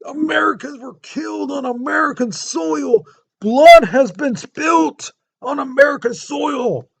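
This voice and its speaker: A man acting out a furious national leader shouting outrage and demanding war. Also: very high voice, measured pace, creaky, voice pushed up, exaggerated voice. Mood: outraged shouting.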